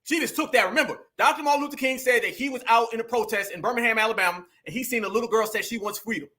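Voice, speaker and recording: A man in talks straight to his audience like a preacher, calling them family. His voice sits high and rings bright. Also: very fast. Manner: preachy, addresses viewers as family and y'all. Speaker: political commentary host. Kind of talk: casual political commentary.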